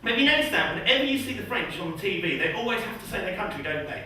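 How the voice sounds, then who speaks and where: A man doing a first stand-up set in a small comedy club, nervous and hesitant with many pauses and ums. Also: high voice, big pitch swings, pushed and bright, a little hiss or hum. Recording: echoey room from far off.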